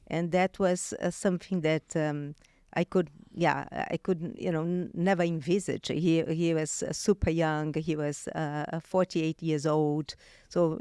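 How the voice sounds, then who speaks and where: A woman's voice: low-pitched, smooth, dry recording, studio quality. Brazilian-accented woman telling a personal story. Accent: Brazilian Portuguese. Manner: animated, many restarts and fillers. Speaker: guest.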